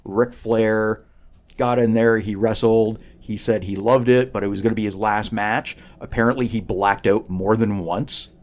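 A man's voice: lowish voice, fairly even intonation, normal speed. A man co-hosting a podcast, riffing sarcastically in casual chat. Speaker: podcast co-host.

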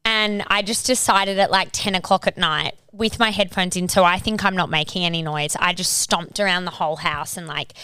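A woman's voice: on the low side, fairly even intonation, normal speed, hardly any pauses, bright, forceful tone, clear, resonant tone, no room sound. A woman, co-hosting a casual podcast, blunt and teasing, swearing casually. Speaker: podcast co-host. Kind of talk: casual chat.

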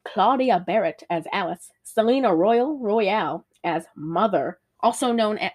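A woman's voice: mid-range voice, lively intonation, a little slow, darkish tone. A woman co-hosting a casual movie review chat, rambling and giggly with lots of fillers. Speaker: podcast co-host.

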